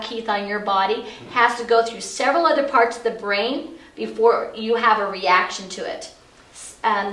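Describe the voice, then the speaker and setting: A woman's voice: medium pitch, fairly bright tone. Middle-aged woman teaching, echoey room. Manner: chatty, explanatory, frequent fillers. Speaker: essential oils educator. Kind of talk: casual instructional talk. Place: office. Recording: echoey room, far from mic.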